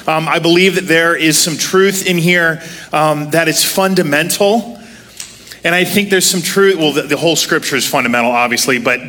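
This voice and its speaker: A man in his thirties delivers a relaxed, conversational sermon, seated and full of self-deprecating jokes. His voice is bright and slightly high, and he tells stories casually. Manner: self-deprecating, joking storyteller. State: walking with a limp, sitting to preach. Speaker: preacher.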